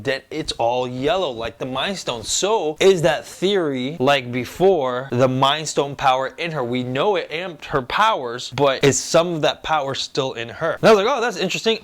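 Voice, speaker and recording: A young man hosting a casual review vlog, talking excitedly and acting out quotes in an animated way. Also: fairly high pitch. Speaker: host reviewing a TV episode.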